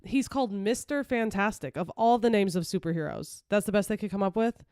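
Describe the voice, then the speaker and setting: A woman co-hosting a casual podcast, opinionated and quick to mock. Her voice is smooth and clear. The sound is dry and close to the mic. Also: mid-range voice, animated, a little mellow, dry recording. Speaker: podcast co-host. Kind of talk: casual chat.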